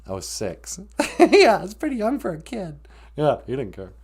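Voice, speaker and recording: Lively joking man telling stories. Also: a little high, normal speed, husky. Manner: rambling, jokey, laughs often. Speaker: livestream show host. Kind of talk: casual storytelling chat.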